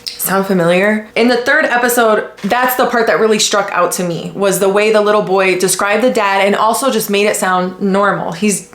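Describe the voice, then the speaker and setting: A woman from the United States hosting a podcast, talking in a blunt, casual way with lots of swearing and animated retellings. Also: mid-range voice, moderate pace. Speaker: podcast host. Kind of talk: casual commentary. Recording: echoey room.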